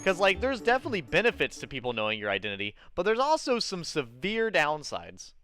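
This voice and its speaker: A man's fairly high, very lively voice rants through a live game stream, swearing freely as he reacts. Game music plays clearly behind him. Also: fairly quick. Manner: ranting, excitable, swears freely. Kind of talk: casual live-stream commentary.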